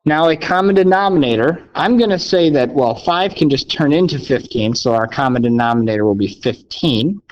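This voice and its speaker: A man's voice: on the high side, animated, normal speed, hardly any pauses. A man teaching a recorded math lesson, upbeat and playfully sarcastic, often checking in with "okay?". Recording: dull lo-fi sound.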